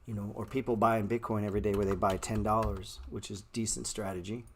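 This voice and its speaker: A man's voice: fairly low pitch, level tone, fast, slight background noise. A man hosting a live stock-trading stream, answering chat in blunt, slangy street talk and calling viewers bro. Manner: repeats words playfully.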